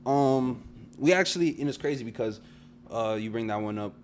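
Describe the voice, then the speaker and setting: A man's voice: mid-range voice, expressive, moderate pace, a little hiss or hum. A man co-hosting a casual chat podcast, teasing and joking with playful boasts. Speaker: podcast co-host.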